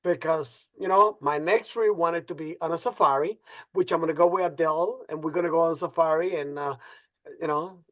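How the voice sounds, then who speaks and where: A man's voice: on the high side, brisk. Hypey man with a Spanish-speaking accent. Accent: Spanish-speaking accent in English. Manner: animated, hypey, repeats phrases. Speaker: co-host presenter. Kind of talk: casual webinar presentation.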